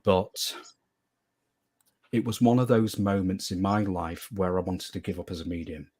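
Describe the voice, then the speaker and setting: A man's voice: sits low, fairly even intonation, moderate pace, a little mellow, slightly rough. A man being interviewed as a guest medium, telling a story earnestly and at length, often repeating phrases for emphasis.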